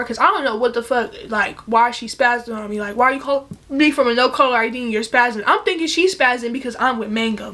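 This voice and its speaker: A young woman telling a casual storytime, animated and profane, acting out the other people's lines in bursts. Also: fairly high pitch.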